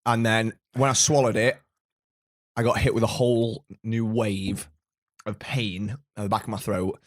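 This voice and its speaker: A man's voice: on the low side, little pitch movement, measured pace. A man co-hosting a podcast, chatting casually in a nervous, rambling way as he describes what is happening to him. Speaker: podcast co-host.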